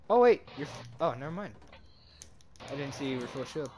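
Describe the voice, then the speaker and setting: A man in casual gaming chat over voice chat, excitable and swearing a lot. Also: medium pitch, moderate pace, a little hiss or hum. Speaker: gamer.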